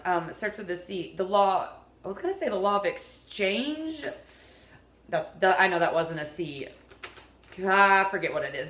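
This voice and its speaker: A woman's voice: medium pitch, fairly bright tone. Chatty, upbeat woman vlogger in a roomy space. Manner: chatty, rambling, upbeat and earnest. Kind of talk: unedited casual vlog talk. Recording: echoey room.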